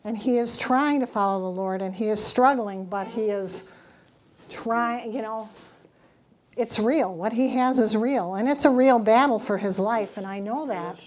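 A woman's voice: fairly high pitch, unhurried. A middle-aged woman giving an earnest church testimony, teaching from scripture and telling her story with emphatic, acted-out dialogue.

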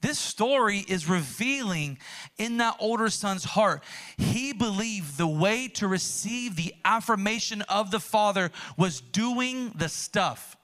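Bright-voiced male preacher. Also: sits high, slow pace. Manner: conversational, animated preaching. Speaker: pastor. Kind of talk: sermon.

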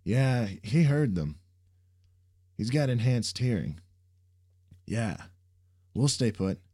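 A man's voice: mid-range voice, big pitch swings, slow, warm tone, husky, voice pushed up, full character voice. A man voicing a laid-back, reluctant young man who banters sardonically. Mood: wry.

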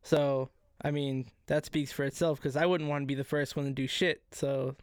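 A man co-hosting a casual podcast, telling history in a profane, excitable way. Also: medium pitch, moderate pace, clear, resonant tone, no echo, studio quality. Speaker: podcast co-host. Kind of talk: casual chat.

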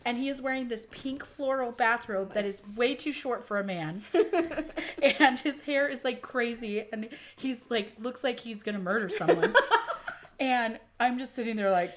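A woman chatting casually, telling family stories in an expressive, dramatic way. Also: a little high, moderate pace, slight background noise. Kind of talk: casual chat.

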